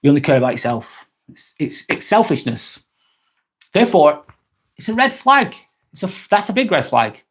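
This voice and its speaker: Man, slightly high voice, casual live vlog host, blunt, sweary, rambling. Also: very animated, normal speed, husky. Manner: frank and sweary, rambling with restarts. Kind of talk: casual live-stream chat.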